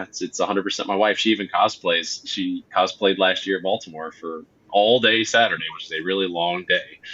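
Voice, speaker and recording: A man with a low, forceful voice chats as a guest about writing comics. He tells stories with excitement, fills pauses with ums and acts out what people said. The audio sounds dull and lo-fi. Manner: excitable storyteller, acts out quotes, many fillers. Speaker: comic book writer, guest. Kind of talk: casual interview chat.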